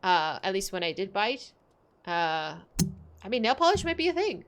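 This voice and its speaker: A woman's voice: medium pitch, big pitch swings, normal speed, background noise. A woman streamer chatting casually with her viewers while playing, rambling and saying "like" a lot. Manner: chatty, rambling, heavy use of "like"; reads game dialogue aloud. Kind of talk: casual livestream chat while gaming.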